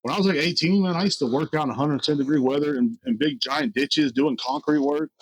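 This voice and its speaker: Fast-talking husky young man. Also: fairly high pitch, dry recording, poor audio. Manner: rambling storyteller, animated when retelling. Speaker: podcast co-host. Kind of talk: casual chat. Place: outdoors.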